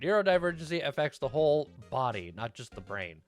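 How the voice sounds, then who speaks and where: A man's voice: on the high side, sing-song, fairly quick, soft background music. A man streaming a video game and chatting casually with viewers, rambling and laughing often into a desk mic. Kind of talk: casual gameplay chat.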